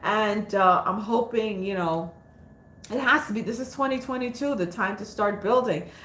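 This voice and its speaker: A woman's voice: mid-range voice, normal speed, a bit bright. Woman rambling on a spiritual livestream, chatty and frank, lots of um and you know, roomy echo. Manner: chatty, frank, laughs easily, many fillers. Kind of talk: rambling casual livestream talk. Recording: echoey room.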